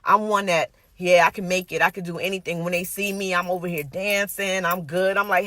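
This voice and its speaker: A woman's voice: lowish voice, fairly even intonation, fairly quick, few pauses, fairly bright tone, no room sound. A woman giving an earnest, conversational sermon, emphatic and personal, repeating her points. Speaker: minister.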